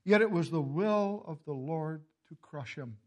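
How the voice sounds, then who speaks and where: A man preaching a sermon and reading scripture, impassioned, swinging from loud calls to low, hushed lines, often coughing and clearing his throat. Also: expressive, unhurried. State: emotional, tearing up. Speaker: pastor.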